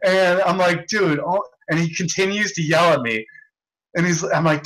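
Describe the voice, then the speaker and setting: Brief: young male podcast host, tense and bright in tone, higher than average, rambling agitated storyteller. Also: normal speed, low-quality recording. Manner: agitated, repetitive storytelling with many restarts. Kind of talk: casual rant.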